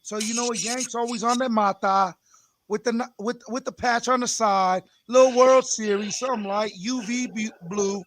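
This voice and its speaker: A man's voice: high voice, fairly even intonation, moderate pace, a bit bright, a little hiss or hum. A man co-hosting a casual podcast over a video call, rowdy and hyped in tipsy banter. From Philadelphia. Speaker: podcast co-host. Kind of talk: casual group chat podcast.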